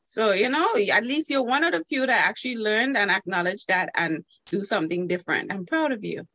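Caribbean woman guest, bright, playful, laughs a lot; dry, close recording. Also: medium pitch, brisk, dry recording. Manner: playful, laughing, animated storytelling. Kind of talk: casual chat.

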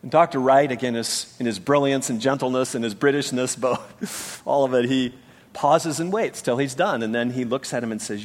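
A man's voice: medium pitch, normal speed. A man preaching a sermon as pastor, earnest and emphatic, with rhetorical questions to the congregation. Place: church sanctuary. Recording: church hall reverb.

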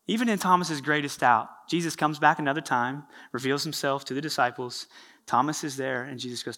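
A man preaching a lively sermon, retelling scripture stories and acting out the characters' lines. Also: mid-range voice, fairly quick. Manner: animated, storytelling with acted-out quotes. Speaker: pastor.

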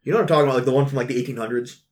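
A man playing a tabletop game with friends, chatting in a rambling way and breaking into loud outbursts. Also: mid-range voice, very fast. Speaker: player. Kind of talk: casual chat at a game table.

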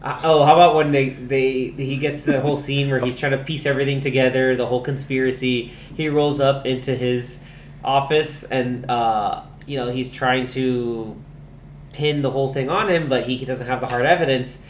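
A man hosting a casual film podcast, excitedly retelling scenes to his friends. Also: mid-range voice, moderate pace, roomy sound, slight background noise. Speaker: podcast host.

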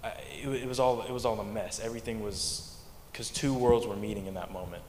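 A young man tells his church testimony in a low, quiet voice, stumbling and repeating words as he goes. His voice rings in an echoey hall, with a faint hum of ambience behind him. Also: fairly even intonation. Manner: halting, repeats words, speaks mostly quietly. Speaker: congregant giving testimony.

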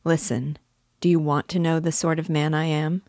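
A woman's voice: deep voice, little pitch movement, moderate pace, darkish tone, dry recording, clean studio sound. A woman reading a shy, lonely young man. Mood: earnest. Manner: earnest, hesitant. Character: shy solitary young man, earnest and wistful. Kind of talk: audiobook character reading.

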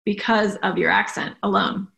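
Gravelly-voiced woman, chatty guest. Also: mid-range voice, fairly even intonation, a bit bright. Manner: chatty, quick asides, laughs often. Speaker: podcast guest. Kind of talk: casual podcast chat.

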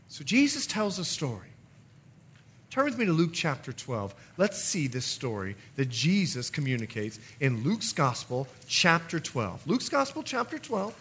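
Animated preaching pastor with a bright voice. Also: male voice, a little high, measured pace, slightly rough. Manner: animated, rising to loud emphatic passages. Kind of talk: sermon. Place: church sanctuary.

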